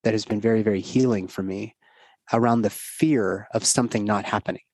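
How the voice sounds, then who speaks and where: A man's voice: lowish voice, steady tone, brisk, a little mellow, no room sound. A middle-aged man, a doctor guesting on a podcast, telling a personal story in an earnest, rambling, casual way.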